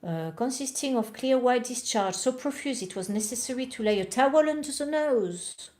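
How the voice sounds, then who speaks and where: A woman's voice: on the high side, animated, normal speed, a little mellow. Chatty woman reading aloud at night. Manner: chatty, reads aloud and comments, talks to camera. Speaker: reader of homeopathy books.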